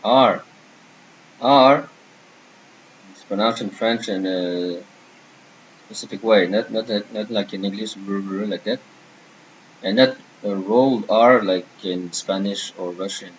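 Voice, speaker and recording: A man teaching a French lesson, slowly and deliberately pronouncing letters and repeating sounds for learners. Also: on the low side. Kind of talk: patient language lesson. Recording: dull lo-fi sound with faint hiss.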